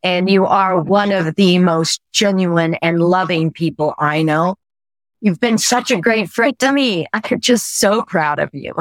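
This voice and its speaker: A woman's voice: on the low side, measured pace, no echo. Teary woman in her sixties telling a story. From United States. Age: 60s. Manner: effusive, animated storyteller. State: teary, weepy. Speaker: guest. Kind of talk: conversational storytelling.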